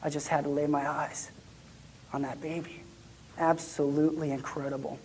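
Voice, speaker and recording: A man acting out an excitable young shepherd in a first-person church monologue, chatty and lively, then dropping to hushed tones. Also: fairly high pitch, normal speed, a little hiss or hum, natural voice. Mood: hushed awe.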